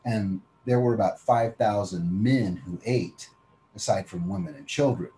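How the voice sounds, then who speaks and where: Mellow-voiced man teaching the Bible. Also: on the low side, a little hiss or hum, rough recording. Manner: reads scripture slowly, then explains in plain conversational talk; invites listeners to picture themselves in the story. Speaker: preacher.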